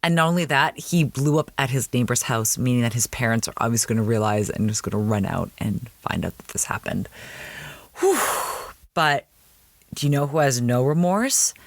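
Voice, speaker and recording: Podcast host, chatty and wry, dry close sound. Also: male voice, mid-range voice, big pitch swings, normal speed, no echo. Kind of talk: casual episode recap.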